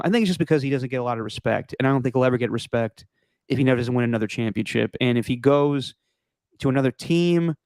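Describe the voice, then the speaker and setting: A man hosting a sports podcast in casual chat, rambling and opinionated, his voice going hoarse. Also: mid-range voice, a little mellow, no room sound, clean studio sound. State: losing his voice. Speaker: podcast host.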